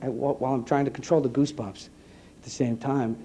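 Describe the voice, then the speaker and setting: A man, an EMT giving an earnest personal testimony to an audience, halting and repeating his words. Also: mid-range voice, steady tone, mellow, slight background noise. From New York. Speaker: EMT speaking to a conference.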